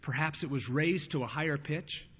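A man's voice: on the high side, moderate pace, a bit bright, breathy edge. Preaching man in a reverberant hall. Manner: preaching with rising bursts and acted quotes. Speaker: pastor. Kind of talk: sermon. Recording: lo-fi church hall with long reverb.

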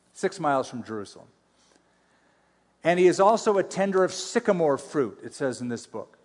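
A pastor teaching a sermon in a conversational way, with playful asides between scripture readings. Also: male voice, a little high. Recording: long hall reverb.

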